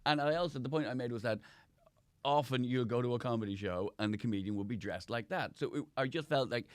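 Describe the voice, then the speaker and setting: A man's voice: mid-range voice, quick pace, no echo. A man, a comedian guest, telling rambling anecdotes with lots of restarts in a casual chat.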